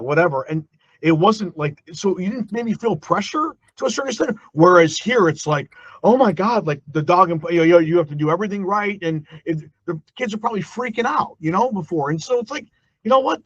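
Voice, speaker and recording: A man's voice: sits high, dry recording. A man hosting a casual interview, asking eager, chatty questions. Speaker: podcast host. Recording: dull, dry lo-fi sound.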